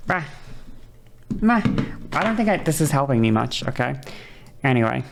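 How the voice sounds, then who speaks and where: A woman with a low, gravelly voice talks casually on a stream, rambling and profane as she explains things. She keeps checking in with her listeners between points. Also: big pitch swings, fairly quick, soft background music. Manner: rambling, profane, repeats okay often; demonstrates voice changes with whispery and high vocal sounds.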